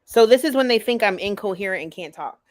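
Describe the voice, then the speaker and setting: A woman's voice: medium pitch, lively intonation, quick pace. A woman on a commentary stream, reading chat messages aloud and swearing back at them indignantly. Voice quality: profane, indignant.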